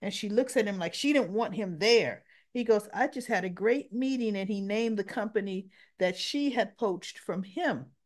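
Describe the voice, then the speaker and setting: A woman's voice: medium pitch, animated, normal speed, hardly any pauses. A woman chatting casually as she recaps a soap opera into her camera mic, with offhand, dismissive asides.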